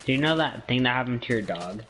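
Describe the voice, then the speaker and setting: A man's voice: mid-range voice, lively intonation, fast, fairly bright tone, soft background music, rough recording. A man from Canada in a casual gaming chat, joking, teasing and rambling.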